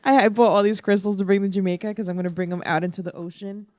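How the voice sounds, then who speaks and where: A woman's voice: mid-range voice, fairly even intonation, very fast, darkish tone, no room sound. Casting: female podcast co-host, playful, blunt, dry close sound. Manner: laughs often, playful, blunt. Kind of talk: casual chat.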